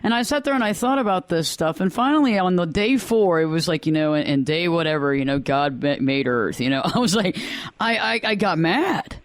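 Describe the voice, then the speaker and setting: A man with a fairly high voice hosts a casual radio interview. He tells stories with lively energy, and his voice sounds close and dry. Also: brisk, no room sound. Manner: lively storyteller, animated. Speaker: radio show host.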